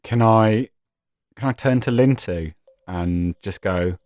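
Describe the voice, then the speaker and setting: Very low-voiced male player, dry sound. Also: slow, darkish tone, dry recording. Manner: laid-back, filler-heavy. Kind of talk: tabletop role-play chat.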